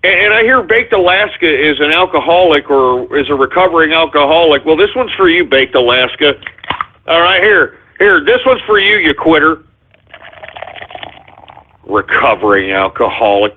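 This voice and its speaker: Male talk-radio host, sarcastic agitated ranter, husky voice, phone-quality audio. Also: a little high, big pitch swings, moderate pace. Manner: agitated, sarcastic, swearing rants. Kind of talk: ranting talk radio monologue.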